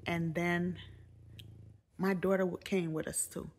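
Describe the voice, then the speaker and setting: A middle-aged woman telling a personal story in a casual, animated, jokey way to camera. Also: lowish voice, moderate pace, slight background noise. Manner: animated, jokey, quoting others in raised voices. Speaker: vlogger.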